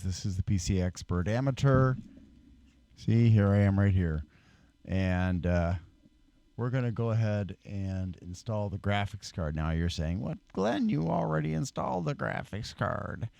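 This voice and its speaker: Guy with a lowish voice doing a rambly diy pc build tutorial at home, dry close mic, fades when he leans back. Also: measured pace, warm tone, dry recording. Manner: rambling, self-deprecating, with fillers and self-corrections. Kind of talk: casual how-to demonstration. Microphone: desk microphone, moving closer and farther.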